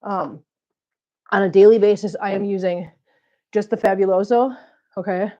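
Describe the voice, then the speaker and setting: A woman's voice: mid-range voice, steady tone, moderate pace, warm tone, dull audio. A woman chatting through a live vlog while cleaning up after her cats, out of breath from the heat and cooing at them in baby talk. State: overheated and out of breath. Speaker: cat channel vlogger. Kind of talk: unscripted live-stream chat while cleaning.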